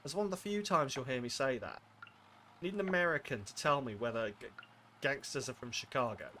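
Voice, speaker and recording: A man's voice: mid-range voice, expressive, fairly quick, bright, forceful tone, slight background noise. A man streaming a game with casual, rambling commentary, self-mocking and full of asides.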